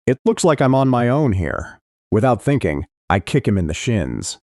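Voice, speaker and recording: A man reading a first-person thriller audiobook with expressive, tense storytelling. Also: mid-range voice, normal speed, dry recording. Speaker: audiobook narrator.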